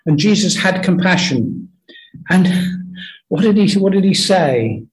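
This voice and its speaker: A man giving an earnest, conversational sermon full of stories, often pausing and restarting his sentences. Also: high-pitched, lively intonation, poor audio. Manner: earnest, anecdotal, halting with many restarts. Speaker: preacher.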